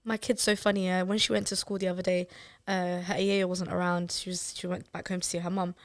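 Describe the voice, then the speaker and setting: A woman, a mother hosting a podcast and sharing personal stories in an expressive way. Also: on the low side, brisk, no echo. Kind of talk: casual podcast chat.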